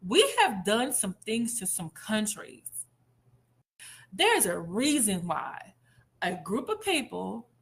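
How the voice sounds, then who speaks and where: A woman's voice: medium pitch, fairly bright tone. A woman giving a casual, chatty commentary monologue, telling a story animatedly and acting out quotes.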